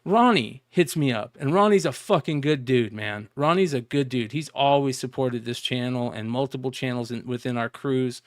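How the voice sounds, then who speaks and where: A man's voice: mid-range voice, moderate pace, hardly any pauses, no echo, clean studio sound. A man telling stories on a casual podcast, swearing freely and acting out the conversations he recounts. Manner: animated storytelling, profane, acts out quoted exchanges. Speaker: co-host.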